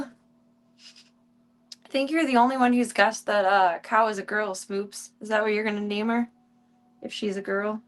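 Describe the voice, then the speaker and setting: A woman streaming casually, chatting to viewers and cooing baby talk to tiny animals in a soft, playful way. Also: mid-range voice, normal speed, pauses often. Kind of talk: casual live-stream chat.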